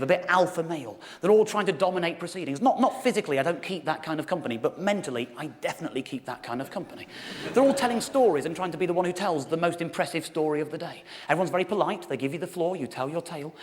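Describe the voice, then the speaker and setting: A man in his thirties from England, doing stand-up storytelling on stage and acting out dialogue with animated, rising outbursts. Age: 30s. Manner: animated, acts out dialogue with rising shouty pitch. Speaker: stand-up comedian. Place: theatre stage with live audience. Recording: live hall with long reverb. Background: audience laughter.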